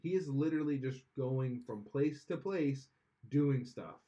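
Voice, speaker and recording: A man's voice: medium pitch, measured pace, dark tone. A man co-hosting a podcast, giving blunt, opinionated takes in casual chat and often trailing off. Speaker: podcast co-host. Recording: slightly dull lo-fi sound.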